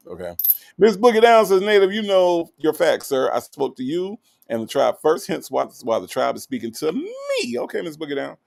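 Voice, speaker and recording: A man hosting a casual livestream, reading out viewer comments and greeting them one by one in a teasing, animated way. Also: medium pitch, a little fast, vocal fry. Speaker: livestream host.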